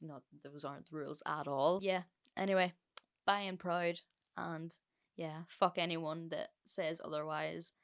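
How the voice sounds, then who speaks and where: A woman's voice: on the low side, smooth. A woman from Northern Ireland with a Northern Irish accent, hosting a solo podcast in a casual, blunt way, full of fillers and swearing. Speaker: podcast host.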